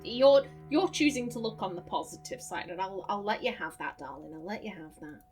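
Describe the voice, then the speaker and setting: A woman voicing a cheeky gentleman with a put-on Scottish accent, teasing and familiar. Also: medium pitch, expressive, brisk, soft background music, pitched below the performer's own voice, lightly acted. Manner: teasing, familiar, calls others darling.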